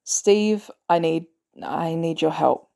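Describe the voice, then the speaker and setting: A blunt, weary soldier who curses freely, as a woman reads him aloud. The voice is mellow and dark at the core, his words clipped and hard. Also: low voice, slow pace, vocal fry, exaggerated voice. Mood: wary. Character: gruff weary male ex-soldier.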